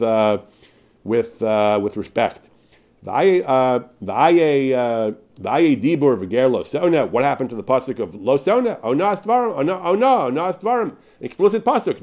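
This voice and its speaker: A man's voice: medium pitch, darkish tone. A man teaching a Torah class, reading passages aloud and explaining them with emphasis and frequent restarts. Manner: emphatic, with many restarts and repeated words.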